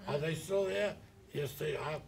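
An older man hosting a talk show, telling rambling, animated stories. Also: on the high side, measured pace, vocal fry, over a noisy crowd. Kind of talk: anecdotal chat.

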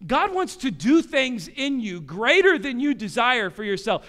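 A male pastor preaching with passion, asking the room rhetorical questions and swinging between hushed low asides and loud emphatic rises. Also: big pitch swings, a little slow. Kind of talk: sermon.

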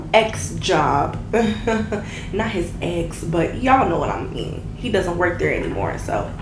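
A young woman from Chicago chats to camera about a meal she is tasting, teasing and slangy, as if talking to friends. Her voice bounces around a reverberant room, and steady background noise sits under it. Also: on the low side. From Chicago, USA. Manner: playful, slangy, talks straight to viewers. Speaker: food reviewer. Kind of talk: casual food review chat to camera.

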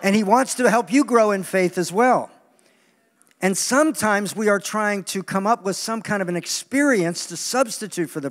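Man, sermon, lively and joking, high voice, long hall echo. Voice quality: animated, joking, acts out quoted voices. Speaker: preacher. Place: large meeting hall.

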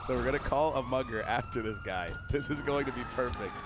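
A hoarse young man hosting a gaming channel, giving hyped, giggly commentary while he plays and shouting when things get exciting. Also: mid-range voice, quick pace, heavy background noise.

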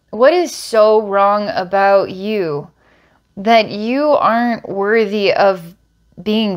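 A woman giving a psychic energy healing reading, describing impressions slowly and searchingly. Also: mid-range voice. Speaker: psychic healer.

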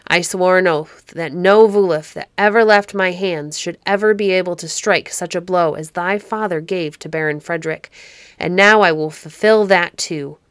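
A woman voicing a stern middle-aged baron, a man with a deep, harsh, commanding manner, in a storybook reading. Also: normal speed, fairly bright tone, clear, resonant tone, no room sound, studio quality. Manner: cold and commanding.

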